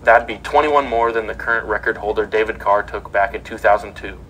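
Male podcast host, low voice, reads news with filler words, slight background noise. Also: level tone, brisk, fairly bright tone, low-quality recording. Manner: reads headlines with many fillers. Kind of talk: casual sports news chat.

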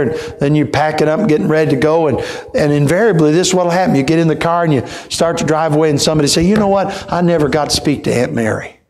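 Male evangelist, fairly high voice, folksy storyteller who builds up to shouts. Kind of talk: Baptist church sermon.

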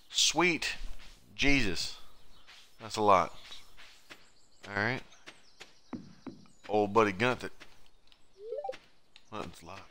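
Low-voiced man muttering through a game. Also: slight background noise. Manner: mutters to himself, drifting quiet then loud. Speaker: streamer. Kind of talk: casual gameplay commentary. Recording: game music playing behind.

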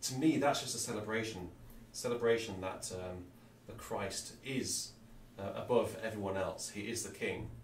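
A man's voice: on the low side, moderate pace, few pauses, distant mic, slight background noise. A man chats enthusiastically as the organist hosting a livestream, with filler words between his thoughts. The sound is roomy and comes from a mic set some way off. Faint room ambience sits behind him. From Derbyshire, England. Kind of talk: casual chat on a livestream.

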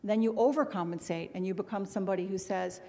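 A woman's voice: medium pitch, quick pace, mellow. A middle-aged woman from Missouri giving a humorous, candid public talk as a guest speaker, rambling with self-deprecating asides. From Missouri, USA. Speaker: guest speaker at an autism symposium. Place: large hotel ballroom. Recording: long reverb of a large ballroom.

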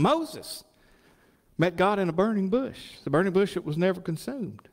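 A middle-aged man preaching a sermon as pastor, folksy and animated, often asking the congregation questions. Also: high voice, moderate pace, long reverb tail.

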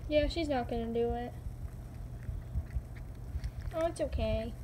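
A woman's voice: fairly high pitch, takes it slowly, rough recording. A young woman hosting a casual pet vlog at home, chatting and coaxing her pets in baby talk. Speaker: pet channel host. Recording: loud background noise.

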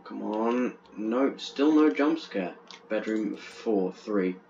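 A young man commenting on a horror game as he plays, chatty and jumpy, stammering when he gets excited. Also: on the low side, slow, vocal fry. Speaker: gaming channel host. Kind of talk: let's play commentary. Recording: dull lo-fi with faint hiss.

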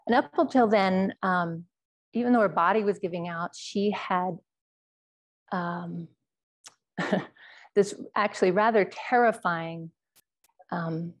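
A woman Zen teacher telling a personal story in a dharma talk, speaking in a quiet, measured, halting way. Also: fairly low pitch.

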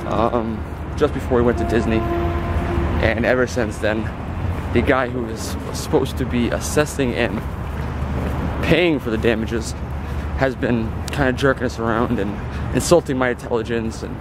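A man's voice: mid-range voice, fairly even intonation, normal speed. A man vlogging from his car, ranting in an aggravated way about a dispute. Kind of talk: ranting vlog while driving. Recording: noisy street traffic behind.

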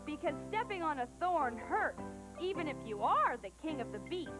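A woman hosting a children's storybook show, talking in a bubbly, excited, sing-song way. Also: sits high, moderate pace, over music.

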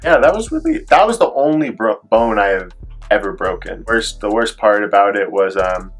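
A young man with a fairly low voice tells a story to camera in a loose, rambling way, packing his sentences with filler words. He acts out the voices of people in his story as he goes, and faint music plays behind him. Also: sing-song, normal speed. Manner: rambling retelling, heavy on filler "like". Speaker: vlogger. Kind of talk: storytime vlog.

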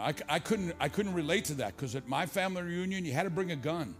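Older male pastor, high-pitched, preaching to a congregation with soft music under him. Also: animated, fast, hardly any pauses. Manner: preaching with rising pitch on repeated lines, then dropping low and confiding in stories. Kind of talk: sermon. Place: church stage before a congregation.

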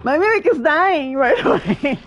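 A woman streamer commenting live on her gameplay, excitable, often yelping and laughing. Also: sits high, unhurried, dull audio. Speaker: streamer playing a video game.

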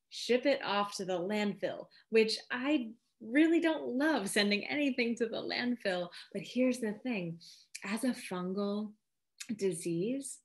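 A woman giving a casual, enthusiastic gardening lesson, chatty and full of asides. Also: mid-range voice. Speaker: seed company gardening educator.

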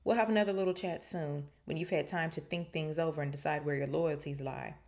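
A woman's voice: sits low, brisk, vocal fry, a little mellow. A woman voicing a cold, threatening male wizard teacher in a storybook reading, clipped and icy.

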